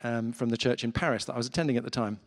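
A man's voice: mid-range voice, rapid-fire. A man preaching a sermon in an earnest, conversational way, with fillers, in a church hall.

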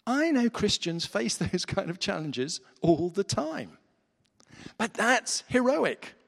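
A man's voice: high voice, big pitch swings, takes it slowly, vocal fry, fairly bright tone. A man preaching a sermon in an earnest, conversational way, with fillers, in a church hall.

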